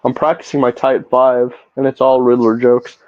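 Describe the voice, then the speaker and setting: A man's voice: medium pitch, flat delivery, normal speed, no echo. Profane, ranting man on a podcast. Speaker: podcast co-host. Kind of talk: casual podcast chat. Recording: slightly dull lo-fi podcast audio.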